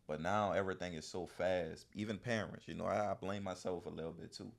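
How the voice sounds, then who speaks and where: A man with a New Orleans accent and a low voice talks in a relaxed podcast conversation. He sounds thoughtful most of the time and picks up energy when he tells a story. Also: fairly quick, vocal fry. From New Orleans, Louisiana. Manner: reflective, animated when telling stories. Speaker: podcast guest. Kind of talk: casual conversation.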